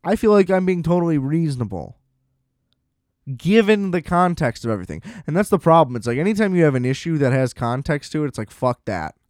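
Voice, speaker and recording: A man's voice: fairly high pitch, sing-song, fairly quick, darkish tone, no room sound, clean studio sound. A young man ranting in a casual, exasperated and profane monologue as a podcast host.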